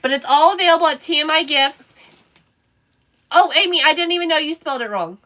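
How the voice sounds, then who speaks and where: Woman host, high bright voice, chatty live-stream crafter reading comments aloud. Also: fairly quick. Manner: chatty, answers viewer comments by name as she works. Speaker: wreath and decor crafter hosting a live stream. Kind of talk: casual live-stream chat while crafting.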